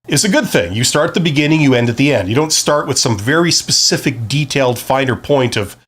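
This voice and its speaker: A man's voice: medium pitch, lively intonation, brisk, a bit bright, husky. A man hosting a live stream, giving career advice in a conversational, explanatory way and often checking in with "right?".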